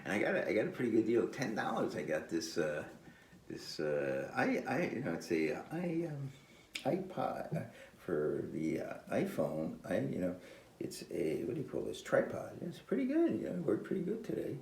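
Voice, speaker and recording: A man's voice: lowish voice, wildly swooping pitch, vocal fry, darkish tone, a little hiss or hum. Rambling older man in an echoey room. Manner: meandering, halting, with frequent fillers and chuckles. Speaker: podcast host. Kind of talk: rambling casual monologue. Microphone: phone on a tripod. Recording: echoey room with faint ambience.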